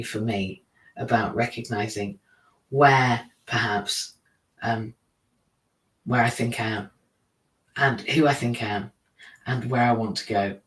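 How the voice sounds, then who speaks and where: Captured from afar in a roomy space, a teacher with a medium-pitched, fairly bright voice runs a live stream. His monologue is loose, rambling and self-deprecating, and his own mistakes keep making him laugh.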